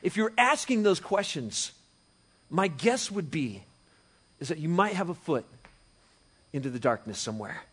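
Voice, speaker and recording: A man preaching a sermon as pastor, conversational and animated, moving from hushed to loud and emphatic. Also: a little high, normal speed, long pauses, slightly rough. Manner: conversational with frequent restarts and chuckles.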